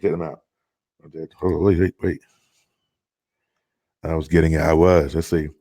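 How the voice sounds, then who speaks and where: This middle-aged live stream host talks in a very deep, dark voice with a flat delivery at a moderate pace. He chats loosely from home, full of fillers and restarts, while a child can be heard close by; the recording is dry and studio quality.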